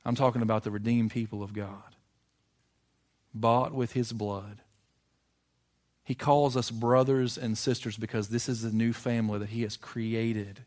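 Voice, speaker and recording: A man preaching a sermon to a congregation in a church, earnest, building to emphatic peaks and dropping low again. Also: fairly even intonation, moderate pace, pauses often, a little mellow. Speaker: pastor. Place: church sanctuary.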